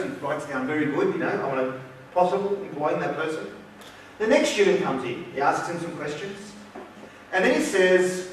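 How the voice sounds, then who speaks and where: Speaking at a university lecture, this Australian man recounts a story and voices its dialogue himself. His pitch sits on the high side, and the recording, made in a heavily echoing hall with him far from the mic, carries a faint hiss or hum.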